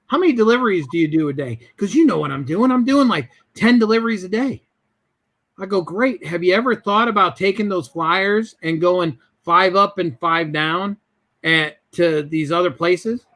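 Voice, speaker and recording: A man's voice: high voice, normal speed, bright, forceful tone. A man telling a business story as a guest in an interview, acting out both sides of the conversations.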